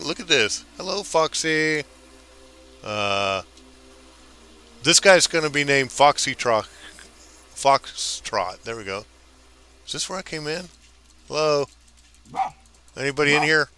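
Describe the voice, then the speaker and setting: A man's voice: medium pitch, expressive, unhurried, long pauses, pushed and bright, smooth. A man streaming a game live, chatting casually and hyping up his viewers. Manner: chatty, hyped, talks back to viewers.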